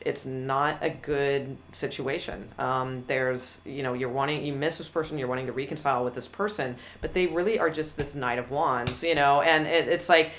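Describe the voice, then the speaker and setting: A woman's voice: rumbling low, a little hiss or hum. A woman doing a live tarot reading, candid and blunt, rambling through many restarts. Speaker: tarot reader.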